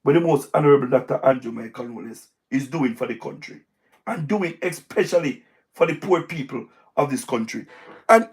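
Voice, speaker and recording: A man with a Jamaican accent giving emphatic, repetitive political commentary on a livestream, his voice going hoarse. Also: on the high side. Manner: repetitive, emphatic, speaks in patois. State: hoarse, voice wearing out. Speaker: livestream host. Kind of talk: live-stream political commentary.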